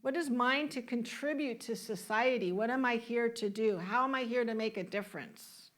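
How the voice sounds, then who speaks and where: A woman minister delivers a sermon in a church sanctuary, her voice sitting a little higher than most. She preaches in a warm, conversational way and asks her listeners question after question. Now and then she laughs along with them. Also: normal speed.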